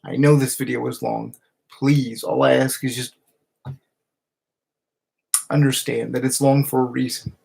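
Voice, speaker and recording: A man speaking into a camera in a heartfelt personal video message to his partner, emotional and halting, with restarts and pauses. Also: mid-range voice, level tone, gravelly, darkish tone, husky.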